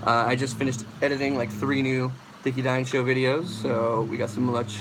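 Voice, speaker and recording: A man's voice: mid-range voice, little pitch movement, normal speed, noisy background. A young man casually hosting a livestream, rambling as he answers chat questions about vocals. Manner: casual, rambling, demonstrates screams.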